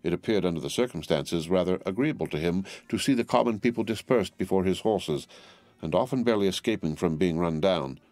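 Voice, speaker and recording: A man narrating a classic novel as an audiobook in a measured, formal storytelling manner. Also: sits low, darkish tone, no room sound.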